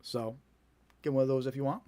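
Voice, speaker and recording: A man with a New Jersey accent talks to his viewers in an easygoing, conversational way, circling back with "you know" and restarting his sentences. His voice sits at a middling pitch for a man. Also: fairly even intonation, a little fast, heavy background noise. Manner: chatty and conversational, many fillers and repeated starts. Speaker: host of a scam awareness live stream. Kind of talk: casual live-stream chat.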